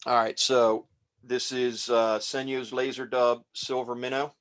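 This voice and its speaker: A man casually talking through a fly tying demonstration as he works, relaxed and rambling. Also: mid-range voice, a little slow. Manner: relaxed, rambling, talks while working.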